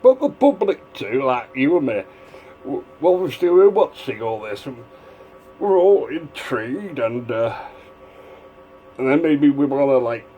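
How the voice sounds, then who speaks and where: A man's voice: medium pitch, big pitch swings, a little slow, warm tone, faint music behind, poor audio. A man giving a casual, rambling video commentary, drifting between asides. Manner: rambling, digressive, full of fillers and restarts. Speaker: vlogger.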